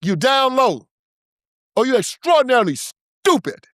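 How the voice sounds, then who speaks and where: A man's voice: very high-pitched, sing-song, a little slow, heavy background noise. A man hosting his own show, delivering an emphatic, preachy and confrontational political commentary monologue. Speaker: show host.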